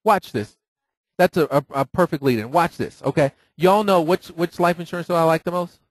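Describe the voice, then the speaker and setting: A man with a somewhat high voice teaches a live audience. He talks in a lively way and keeps asking rhetorical questions. The sound is dry and close. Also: brisk, dry recording, poor audio. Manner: lively, acts out phone calls in quoted voices; rhetorical questions with repeated "right?". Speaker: financial seminar speaker.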